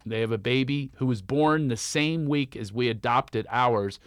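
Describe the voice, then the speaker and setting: A man's voice: measured pace, clear, resonant tone, no echo, clean studio sound. A man, a comedian, telling stories in casual chat and acting out the voices of the people he quotes. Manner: animated storyteller, acts out quotes with big pitch jumps. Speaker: comedian guest.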